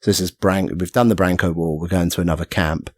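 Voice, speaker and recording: A man's voice: low voice, steady tone, fast talker, no room sound. A man telling a story as a podcast guest, rambling and self-mocking, acting out the voices of people he quotes. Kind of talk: casual storytelling chat.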